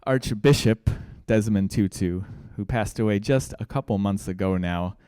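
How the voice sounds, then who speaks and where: Male guest preacher, storytelling sermon, smooth dry voice. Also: medium pitch, darkish tone, no room sound. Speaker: guest speaker.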